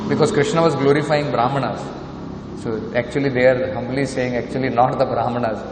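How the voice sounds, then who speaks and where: A man with an Indian accent giving a scripture lecture, emphatic, posing rhetorical questions and repeating his points. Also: medium pitch. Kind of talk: sermon. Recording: echoey hall with faint noise.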